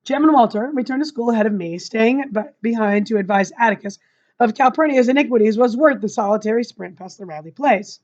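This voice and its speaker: A woman reading a novel aloud with expression, pausing to chat to her listeners. Her voice sits fairly high. The recording is muffled and lo-fi. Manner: expressive, chatty asides to listeners. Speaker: reader. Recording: dull lo-fi recording.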